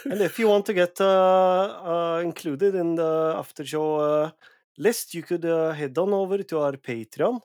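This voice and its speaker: A podcast host puts on a mock Norwegian accent, halting and filled with little "uh"s. The voice sits a touch raised and louder than his usual talk, in a dry, close sound. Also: fairly high pitch, no echo. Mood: playful. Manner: hesitant, lots of "uh". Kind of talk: podcast sign-off in a put-on accent.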